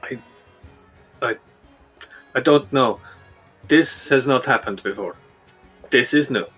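A flustered, put-upon town guard who hates his job, voiced by a man running the game in his own middle-pitched voice. Soft music plays under him. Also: takes it slowly, breathy edge.

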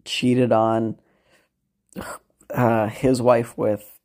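A man talks through a story in a loose, off-the-cuff podcast recap. He rambles, restarts his sentences, and drops in swear words and amused asides. His voice sits at an ordinary pitch with a dark, mellow tone. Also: level tone, extremely slow. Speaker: podcast host. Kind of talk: casual spoken recap.

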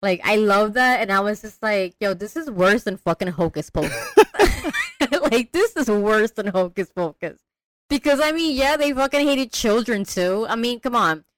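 A young woman co-hosting a casual movie chat, animated and profane, acting out characters as she quotes them. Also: mid-range voice, moderate pace, no room sound. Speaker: podcast co-host.

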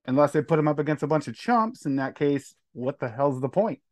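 A man's voice: a little high, lively intonation, fairly quick, no room sound, studio quality. A man in casual podcast banter, loose and joking as he trash-talks a fighter.

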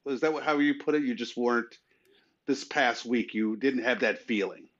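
A man co-hosts a casual sports podcast, speaking conversationally and saying "you know" a lot. His pitch is medium, his pace moderate, and the lo-fi audio sounds slightly muffled.

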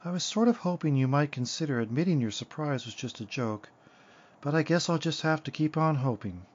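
A man's voice: fairly high pitch, lively intonation, brisk, highs cut off, voice pushed up. A man doing an earnest, pleading father.

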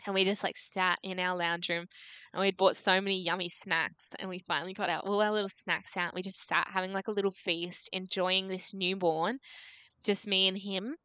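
A woman's voice: mid-range voice, level tone, normal speed, pushed and bright, clean tone, no echo. Aussie woman in her 20s chatting away as a podcast guest, lots of "like", dead dry sound. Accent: Australian. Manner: chatty, full of "like", acts out dialogue. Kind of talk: casual storytelling.

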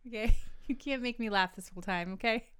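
A woman's voice: a little high, a little fast, a bit bright, clear, resonant tone, no echo, studio quality. A woman hosting a podcast, quizzing her co-host with trivia and laughing easily in casual chat.

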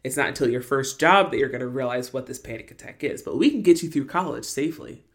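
A woman's voice: a bass voice, lively intonation, fast talker. A woman in her thirties co-hosting a podcast, chatting casually with laughing, exaggerated retellings. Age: 30s. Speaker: podcast co-host. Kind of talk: casual rewatch chat.

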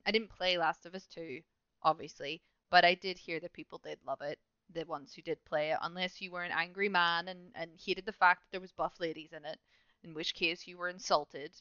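Woman podcast host, bright tense voice, crisp, rambling, self-mocking, dry lo-fi sound. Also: fairly low pitch, fairly even intonation, moderate pace, no room sound. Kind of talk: casual gaming podcast chat.

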